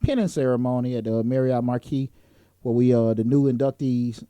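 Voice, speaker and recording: A man's voice: medium pitch, normal speed, mellow, clear, resonant tone, no echo. A man hosting a talk show in a casual, joking way, with plenty of fillers. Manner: laid-back, joking, lots of fillers. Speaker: host. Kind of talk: casual chat.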